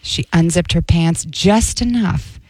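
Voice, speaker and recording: A woman radio host reading a racy story aloud on air in a slow, careful voice. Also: lowish voice, a little mellow, no echo, rough recording.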